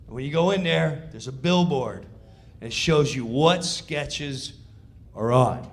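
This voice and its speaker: A middle-aged man, a comedian telling a stand-up story, loud and animated as he acts out scenes. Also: mid-range voice, a little slow.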